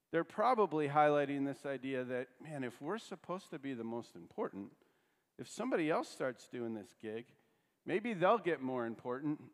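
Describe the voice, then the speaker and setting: A man's voice: medium pitch, big-room sound. A man preaching a sermon in a casual, explanatory way, often asking rhetorical questions of the congregation. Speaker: pastor.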